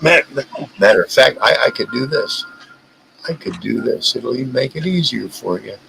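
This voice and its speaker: A man hosting a casual live stream, talking in an animated, profane rant. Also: medium pitch, moderate pace, creaky, a little hiss or hum, poor audio. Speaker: livestream host.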